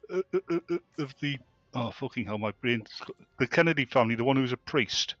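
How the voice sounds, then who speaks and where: A man's voice: mid-range voice, animated, brisk, fairly bright tone, dry recording, faint music behind. Joke-telling man on a muffled call. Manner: tells jokes, fumbles for words. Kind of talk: casual group chat.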